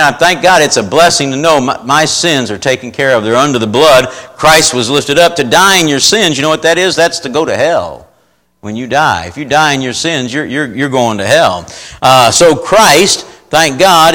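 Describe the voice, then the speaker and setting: A man's voice: on the high side, lively intonation, moderate pace, pushed and bright, low-quality recording. A man preaching an informal sermon, reading scripture aloud and talking in a folksy, repetitive way, often asking his listeners questions.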